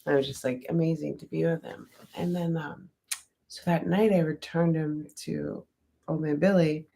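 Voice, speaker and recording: A woman's voice: low voice, fairly even intonation, moderate pace, gravelly, warm tone, husky. A woman casually telling a personal story, rambling with lots of "like" fillers and swearing freely. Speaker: vlogger.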